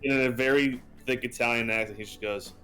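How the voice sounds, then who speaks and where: A young man co-hosting a live gaming stream, chatting in a lively way and laughing easily. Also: medium pitch, brisk, soft background music, poor audio. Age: young adult. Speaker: livestream co-host. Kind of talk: casual chat on a gaming stream.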